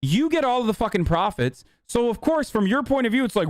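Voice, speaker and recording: A man's voice: extremely high pitch, sing-song, normal speed, few pauses, no room sound, studio quality. A man streaming a reaction to a clip, ranting in a heated, profane, casual way.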